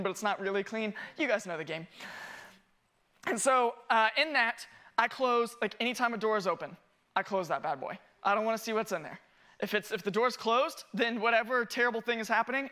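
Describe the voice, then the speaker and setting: A man preaching as a family pastor. He tells lively stories, pokes fun at himself and acts out the scenes he describes. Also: high-pitched. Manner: animated, self-mocking, acts out scenes. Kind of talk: sermon with personal storytelling.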